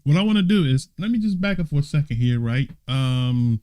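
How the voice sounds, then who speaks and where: A man's voice: on the high side, animated, fairly quick, hardly any pauses, mellow, smooth. A man, an elder of a congregation, teaching a bible study in a conversational way, reading passages aloud and asking his listeners questions. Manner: laughing fits, struggling to keep composure; conversational, asks the audience questions.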